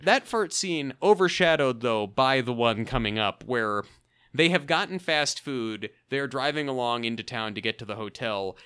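Bright, animated man reviewing a movie. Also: medium pitch, clean tone. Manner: animated, quick, stammering restarts. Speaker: podcast co-host. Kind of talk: casual movie review chat.

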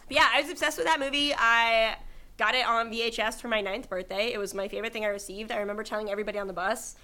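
Young woman cohost gushing about a childhood movie, bright voice, sings bits now and then. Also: on the high side, quick pace. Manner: gushing, animated, bursts into sung snippets. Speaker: podcast co-host.

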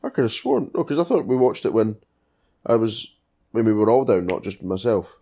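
Low-voiced man, dry brief replies. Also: big pitch swings, moderate pace, mellow. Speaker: podcast co-host. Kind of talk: casual film chat.

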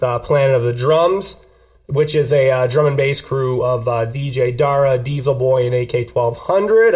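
A man's voice: mid-range voice, a little mellow. A man hosting a casual podcast, introducing songs in a loose, profane, hyped-up way. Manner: loose and profane, hyping up music. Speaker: podcast host.

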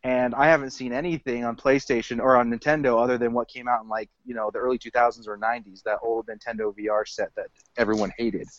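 A man's voice: medium pitch, level tone, fast, hardly any pauses, dry recording, dull audio. A man on a casual podcast, enthusiastic and rambling. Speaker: podcast co-host. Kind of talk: casual chat.

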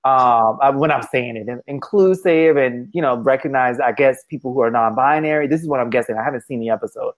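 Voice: mid-range voice, a little fast, hardly any pauses. A podcast co-host in casual chat, rambling and enthusiastic, often correcting themselves mid-sentence.

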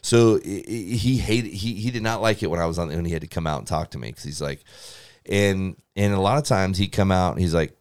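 A man as a podcast guest, telling stories from his pitching days in an animated way and acting out what coaches said, with frequent restarts. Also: fairly quick, clean tone. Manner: animated, acts out coaches' lines, many restarts. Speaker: guest, former pro pitcher. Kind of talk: storytelling in casual conversation.

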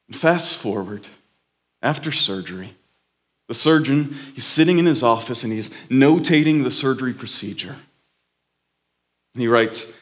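A man's voice: medium pitch, expressive, normal speed, long pauses. A man preaching a sermon, telling a story dramatically and building emphatic lists. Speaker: worship leader preaching.

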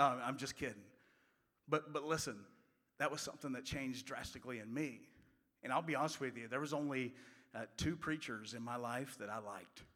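A man preaching a sermon, telling stories in a folksy way and moving from loud passages to hushed ones. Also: medium pitch, breathy edge. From West Virginia. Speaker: pastor. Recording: long hall reverb.

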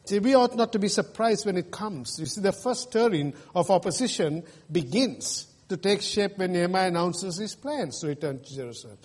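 A man's voice: high voice, expressive, husky. A male pastor from Australia preaching an emphatic sermon to his congregation. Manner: emphatic preaching with mocking jeers and pauses. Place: church sanctuary. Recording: reverberant church hall.

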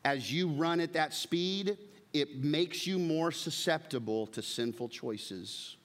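A man's voice: a little high, takes it slowly. A man, preaching a sermon earnestly and putting direct questions to his congregation. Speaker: pastor.

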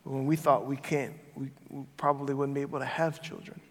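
A man in his thirties, a pastor giving a personal testimony in a sermon, telling it earnestly and dropping to a soft, quiet voice at tender moments. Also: mid-range voice, level tone, fairly quick. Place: church sanctuary. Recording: large hall with long reverb and music behind.

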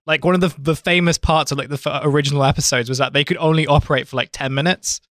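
A man's voice: a little high, steady tone, fast, a bit bright, dry recording, clean studio sound. A man co-hosting a comedic podcast, rambling through tangents with plenty of fillers.

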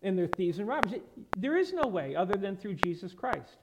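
A male pastor with a high, briskly paced voice and big pitch swings preaches emphatically in a church sanctuary, quoting scripture in old-fashioned wording. Loud background noise from the sanctuary fills the recording.

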